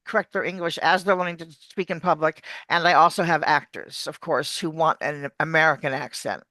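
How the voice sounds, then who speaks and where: An accent coach answers interview questions like an animated teacher, explaining points and demonstrating words. The voice is mid-range and slightly fast, and the recording is dry.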